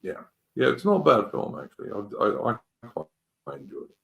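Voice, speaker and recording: A man's voice: fairly low pitch, huge pitch swings, moderate pace, vocal fry, a bit bright. A man hosting a casual political talk show, rambling and emphatic, with rhetorical questions. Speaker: host.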